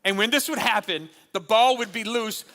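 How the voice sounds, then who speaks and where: A man preaching at a marriage conference, animated and humorous, repeating his key lines for the crowd. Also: high-pitched, normal speed. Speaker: pastor. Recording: long hall reverb.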